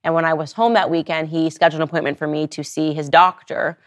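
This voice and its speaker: A woman's voice: sits low, fast. A woman in her thirties hosting her own show, delivering a personal monologue and acting out the people she quotes. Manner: animated storytelling, acting out quoted voices. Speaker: podcast host.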